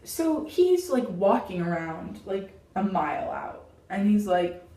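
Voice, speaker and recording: A young woman telling a childhood story in a casual storytime vlog, dramatic and animated, saying "like" constantly. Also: medium pitch, slow. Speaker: vlogger. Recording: roomy, mic at a distance.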